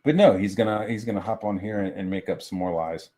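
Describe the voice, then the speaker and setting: A man with a fairly low, dark-toned voice rants heatedly on a stream, swearing constantly at a quick pace. Loose and unscripted, he stumbles and restarts as he works through a grievance.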